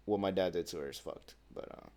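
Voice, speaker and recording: An eighteen-year-old guy talks to his camera in a loose, slangy vent, dropping "bro" and curse words everywhere. His voice sits a little low, and he acts out other people's lines in quick quoted bits. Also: dark tone. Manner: casual slangy talk, says bro a lot, swears freely. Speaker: vlogger. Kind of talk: casual venting monologue.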